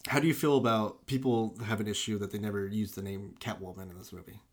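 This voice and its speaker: A man's voice: fairly low pitch, steady tone, quick pace. A man co-hosting a casual podcast, enthusiastically discussing a film and acting out its scenes. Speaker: podcast co-host.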